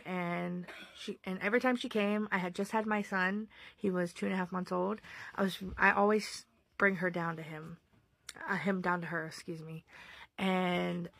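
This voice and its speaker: A woman's voice: on the low side, creaky, a bit bright. A woman in her thirties, a mother, telling a story in a rambling way full of fillers and self-corrections. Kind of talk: casual storytelling.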